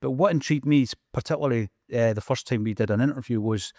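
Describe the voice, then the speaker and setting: A man's voice: mid-range voice, fast, dark tone, no room sound, clean studio sound. A man with a Scottish accent hosting a casual podcast interview, asking questions in an enthusiastic, chatty way. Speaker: podcast host.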